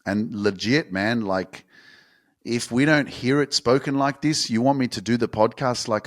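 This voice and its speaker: A man's voice: medium pitch, unhurried. A young man from Australia hosting a motivational podcast, talking bluntly and swearing freely.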